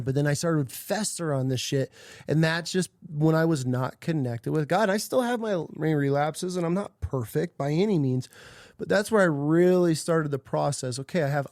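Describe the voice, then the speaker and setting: A man's voice: fairly high pitch, darkish tone, no room sound, clean studio sound. A man in his thirties hosting a podcast, telling a personal story in a rambling, emotional way and swearing often. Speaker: podcast host. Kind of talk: candid personal podcast talk.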